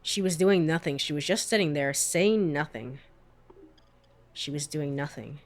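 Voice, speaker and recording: A woman voicing a troubled young woman who speaks in halting, pleading bursts. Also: low voice, voice pushed down. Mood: anxious.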